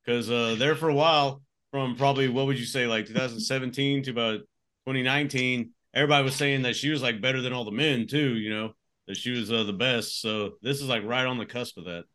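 A man's voice: mid-range voice, steady tone, fast talker, sharp tone. A man co-hosting a casual podcast, talking in a loose, rambling way. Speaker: podcast co-host. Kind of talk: casual chat.

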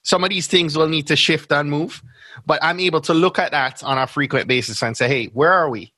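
A man's voice: on the high side, fairly quick, bright, forceful tone, no echo. A man with a Jamaican accent, a podcast guest explaining things step by step in casual interview talk. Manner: explains step by step, often checks in with "right?". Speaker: podcast guest, brand strategist.

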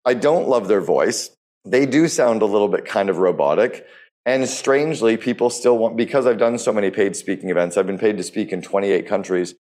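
A man's voice: lowish voice, brisk, darkish tone. A man hosting a podcast interview, talking enthusiastically and bluntly, with casual swearing. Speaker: podcast host.

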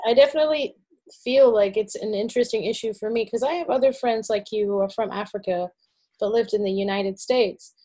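Mellow-voiced woman hosting, thinking aloud. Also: a little high, fairly quick. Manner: hesitant, searching for words, many restarts and "like". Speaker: podcast host. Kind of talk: casual interview conversation.

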